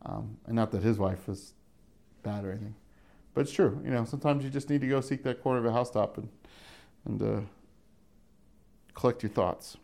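A man's voice: mid-range voice, fairly quick, vocal fry, pauses often, mellow. A middle-aged man giving casual verse-by-verse Bible teaching, talking conversationally, chuckling often and acting out the voices he quotes. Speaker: pastor teaching a Bible study.

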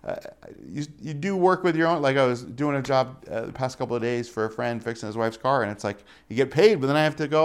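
Man preaching a relaxed, jokey sermon. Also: quick pace, clean tone. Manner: conversational, jokey asides, rhetorical questions; swings between loud emphasis and quiet lows. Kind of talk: casual sermon.

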